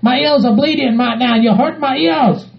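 Casting: man voicing a high, gravelly pal, pleading and repeating himself; muffled sound. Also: normal speed. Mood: pleading calming. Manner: pleading, soothing, repetitive. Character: anxious gravelly sidekick friend, male. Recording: muffled recording.

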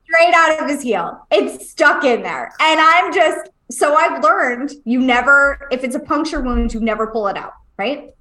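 A high, bright-voiced woman in her thirties telling a story on a podcast. She is animated and swears freely, laughing as she acts out the people in it. The room around her rings with a noticeable echo. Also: a little slow, hardly any pauses. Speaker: podcast co-host. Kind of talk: casual storytelling chat.

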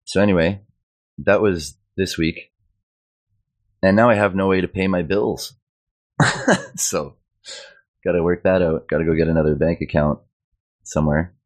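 With a deep, steady voice at normal speed and long pauses, this Canadian man in his thirties recounts something that happened to him at a community hangout. Exasperated and worked up, he mimics the people he's quoting.

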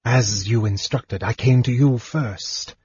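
Guy doing a soft whispery lizard soldier, apologetic, husky, muffled lo-fi audio. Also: mid-range voice, slow, dry recording. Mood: secretive. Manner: whispers softly.

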